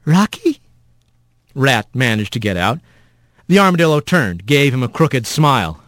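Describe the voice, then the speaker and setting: Expressive male storyteller, dry sound. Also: medium pitch, normal speed, no echo. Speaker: narrator. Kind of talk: storybook narration.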